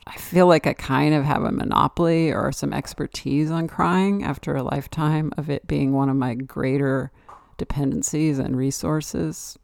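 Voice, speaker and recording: A woman's voice: deep voice, creaky, a little mellow, no echo. A woman hosting a solo podcast, rambling and reflective, with many "like" and "you know" fillers. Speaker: podcast host. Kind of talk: casual solo podcast monologue.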